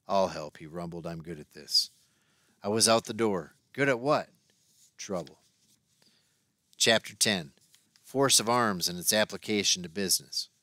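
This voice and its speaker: A man reading an audiobook aloud in a steady, expressive narration. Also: fairly low pitch, dry recording, studio quality. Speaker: audiobook reader.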